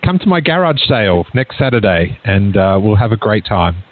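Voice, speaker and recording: A man's voice: fairly low pitch, very animated, normal speed. A man hosting a call-in live stream, chatty and jokey. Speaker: stream host. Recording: tinny phone-like sound.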